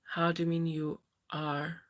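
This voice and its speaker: A trans woman in her thirties hosting a live Q&A, reading viewer comments aloud and greeting people by name in a halting, self-correcting way. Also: sits low, flat delivery. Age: 30s. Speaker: livestream host.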